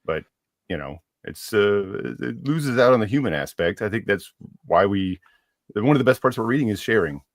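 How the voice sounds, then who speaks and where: Guest, low-pitched man, halting and hesitant, dry close recording. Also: lively intonation, dry recording. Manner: hesitant, halting, full of fillers. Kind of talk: casual chat.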